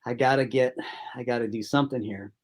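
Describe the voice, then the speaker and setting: A man speaks as a guest on a talk show, telling a long story about casting a film. His pitch sits in the middle range, and he keeps looping through the anecdote, acting out his own thoughts as quotes along the way. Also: fairly even intonation, fast. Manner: rambling anecdotes with acted-out quotes. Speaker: film director, interview guest. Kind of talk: casual interview storytelling.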